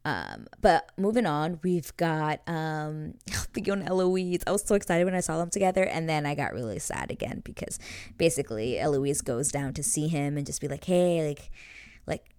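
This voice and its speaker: A woman's voice: deep voice, expressive, moderate pace, a little mellow, smooth, dry recording, clean studio sound. A young woman hosting a casual episode recap, chatty and full of "like" and little laughs. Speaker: show host.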